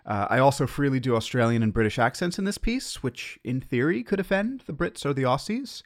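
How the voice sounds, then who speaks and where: A man's voice: medium pitch, lively intonation, fairly quick. An American man hosting a podcast, talking through his thoughts in a wry, self-questioning solo monologue. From United States. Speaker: podcast host.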